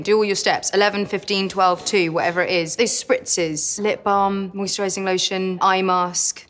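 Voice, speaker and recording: A British woman doing a sponsored Q&A, reading each question aloud and answering in a playful, self-mocking way with sudden jumps in pitch. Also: a bit bright. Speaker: celebrity interviewee.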